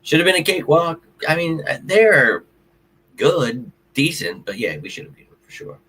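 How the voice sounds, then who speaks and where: Man, sports stream host, casual venting, swears, bright forceful voice. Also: fairly high pitch, very animated, moderate pace, husky. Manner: frustrated, venting, profane. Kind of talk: casual livestream chat.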